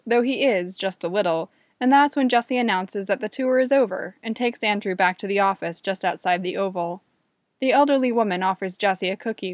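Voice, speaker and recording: A woman narrating a story in an even, measured reading voice. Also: mid-range voice, no room sound, studio quality. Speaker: reader.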